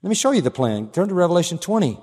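A man preaching an expository sermon as pastor, emphatic, swinging from low asides to raised declarations. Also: sing-song, rapid-fire, a little mellow, husky. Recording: long hall reverb.

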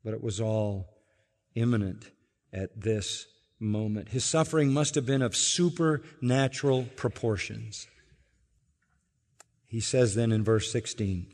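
A man preaching a sermon as pastor, earnest and explanatory, building to emphatic peaks and dropping low again. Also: measured pace, long pauses, darkish tone. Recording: long reverb of a large hall.

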